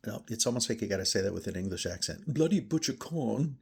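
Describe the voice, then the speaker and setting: A man's voice: deep voice, very fast, gravelly, slightly rough. A man chatting casually as he tastes and reviews a bourbon, thinking aloud between sips. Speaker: whiskey reviewer. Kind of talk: casual tasting chat.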